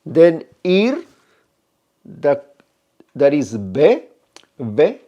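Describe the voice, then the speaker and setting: A man, teaching a grammar lesson and often checking in with "right?" while he slowly draws out the examples. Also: on the high side, wildly swooping pitch, mellow, muffled recording. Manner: explanatory, frequent "right?" checks, slow drawn-out Spanish examples. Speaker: Spanish teacher.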